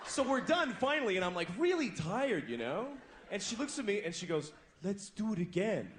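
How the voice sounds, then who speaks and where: Onstage at a comedy club, a US-born stand-up comic in his twenties speaks a little fast in a high, sing-song voice. He spins crude, conversational stories for the live audience and acts out the voices of his characters. The recording is a noisy one from the club.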